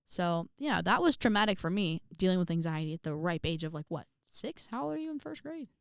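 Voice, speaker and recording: Chatty young woman with a smooth voice. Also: medium pitch, fairly quick, hardly any pauses, no echo, studio quality. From Indiana, USA. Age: young adult. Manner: chatty, animated, many fillers, acts out quotes. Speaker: vlogger. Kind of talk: casual storytelling to camera.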